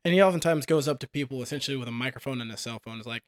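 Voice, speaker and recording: A man's voice: mid-range voice, racing, no echo. A man co-hosting a casual podcast discussion, joking and putting on voices for quotes. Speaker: podcast co-host.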